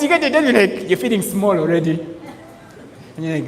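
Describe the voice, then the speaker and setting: A man giving a lively sales training talk, acting out laughs and quoted voices. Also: sits high, fast talker. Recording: echoey hall with faint ambience.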